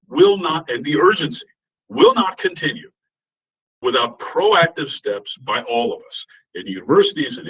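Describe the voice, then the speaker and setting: A middle-aged man from the United States delivers a seminar lecture in a slightly husky, breathy voice at a middle pitch. He speaks earnestly and often stumbles into fillers and restarts before finding his phrase. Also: sharp tone, low-quality recording. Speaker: guest speaker.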